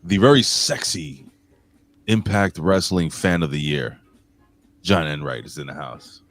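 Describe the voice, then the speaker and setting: Hosting a relaxed wrestling podcast, this man speaks a little slowly in a low voice. He's jokey, calls out live chat commenters by name, and goes back and forth between loud and quiet.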